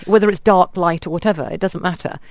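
A woman from India chatting on a radio show, telling animated stories about restaurants. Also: lowish voice, fast, dry recording. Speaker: radio guest reviewer. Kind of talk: casual radio chat.

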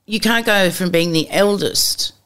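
Blunt, lively woman. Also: lowish voice, unhurried, smooth. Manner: blunt and lively, acts out dialogue, casual swearing. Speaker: guest. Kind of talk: candid storytelling interview.

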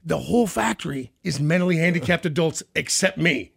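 Animated gravelly middle-aged man telling stories. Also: on the high side, fairly quick. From Kansas City area. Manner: animated storyteller, acts out quoted voices loudly. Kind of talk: casual storytelling chat.

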